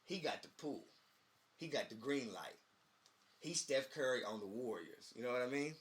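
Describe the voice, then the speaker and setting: Animated man telling wrestling stories. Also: mid-range voice, moderate pace, breathy edge. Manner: animated storytelling, acts out quotes. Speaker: podcast co-host. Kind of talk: casual chat.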